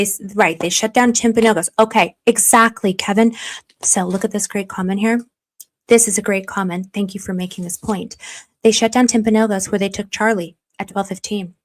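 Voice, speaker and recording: A chatty woman hosts a casual livestream from a warm room at home. She talks straight to her viewers and reads their comments aloud as she goes. When they thank her she turns gushing and emotional, her voice at a middling pitch for a woman. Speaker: livestream host.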